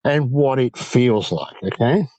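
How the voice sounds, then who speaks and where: A man's voice: mid-range voice, unhurried, no room sound, poor audio. A man with an Australian accent, a guest on an interview show, animatedly recounting a night-time encounter and quoting what he and his friend said. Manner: animated storyteller, quoting himself and others. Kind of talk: telling an encounter story.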